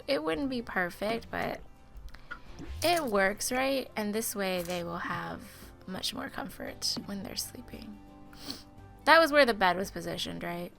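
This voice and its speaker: A woman who is feeling sick, giving chatty, expressive gameplay commentary and talking straight to her viewers. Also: mid-range voice, creaky. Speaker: gaming video host.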